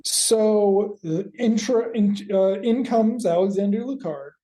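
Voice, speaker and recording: Mellow-voiced woman recapping wryly, roomy sound. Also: medium pitch, slow pace, slight background noise. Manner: wry, deadpan retelling. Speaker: podcast co-host. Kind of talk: casual episode recap.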